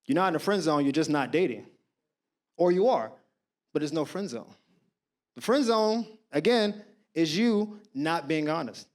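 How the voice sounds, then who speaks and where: A man's voice: fairly high pitch, a little slow, long pauses. A man in his thirties doing stand-up comedy, telling stories and talking straight to the crowd, acting out the people in them. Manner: animated, acts out voices of people in his stories; conversational, addresses the crowd directly.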